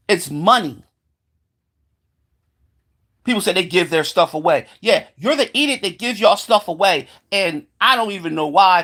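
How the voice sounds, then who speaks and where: A solo vlogger rants to camera, heated and sarcastic, swearing constantly and stumbling into repeated filler words. The voice is medium-pitched and a bit bright.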